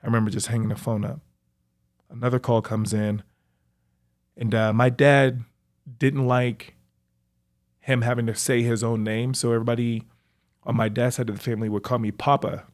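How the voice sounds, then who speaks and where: A young man, a professional athlete, reflectively recounting his own life story in a halting way, with frequent fillers. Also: mid-range voice, little pitch movement. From United States. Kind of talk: personal storytelling.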